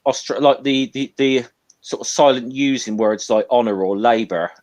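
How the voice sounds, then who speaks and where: A man's voice: medium pitch, normal speed, a little mellow. A man with a Hampshire accent chatting casually on a call, joking and self-deprecating. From Hampshire, England.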